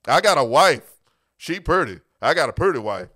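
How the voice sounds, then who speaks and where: A man's voice: on the high side, sing-song, normal speed, pushed and bright, dry recording. Emphatic preaching man, dry sound. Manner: emphatic, repeats phrases for stress. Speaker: pastor and podcast host. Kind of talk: preaching-style podcast talk.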